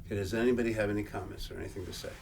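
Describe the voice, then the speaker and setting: A man presenting a workshop, reading old verse aloud and explaining it in a halting way, often repeating and restarting words. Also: fairly low pitch, steady tone, vocal fry, darkish tone. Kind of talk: lecture reading and explaining scripture. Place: workshop room. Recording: distant mic, faint room noise.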